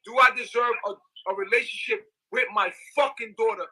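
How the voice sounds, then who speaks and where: Agitated young man, high bright voice, husky edge, profane livestream rant. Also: fairly quick, rough recording. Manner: agitated, repetitive, profane, emphatic. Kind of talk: ranting livestream monologue.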